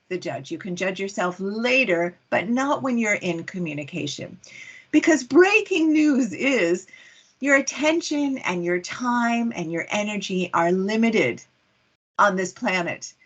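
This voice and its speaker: A woman speaks as a communication coach in an online workshop, with an animated, wide-ranging pitch. Her voice is slightly husky and breathy. She keeps asking rhetorical questions to draw listeners in. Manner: lively, poses rhetorical questions.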